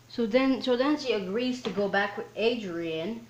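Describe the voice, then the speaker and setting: An excitable woman talks through a film's plot in a loose, rambling recap, filling every gap with "like" and "um". Her voice sits at an ordinary middle pitch. The room around her adds a noticeable echo. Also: moderate pace. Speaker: film reviewer. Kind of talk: casual film recap. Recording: roomy echo.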